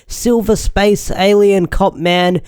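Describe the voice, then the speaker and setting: Chatty young man reviewing, crisp dry voice. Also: sits high, fairly even intonation, takes it slowly, a little mellow, dry recording. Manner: chatty, enthusiastic, rambling with restarts. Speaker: show reviewer. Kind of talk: casual video review.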